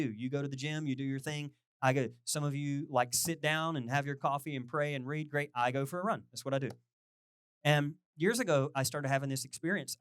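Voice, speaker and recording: A middle-aged male pastor giving a chatty, animated sermon, poking fun at himself and acting out little conversations. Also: on the high side, dry recording, clean studio sound. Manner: animated, self-deprecating, quotes people in lively voices.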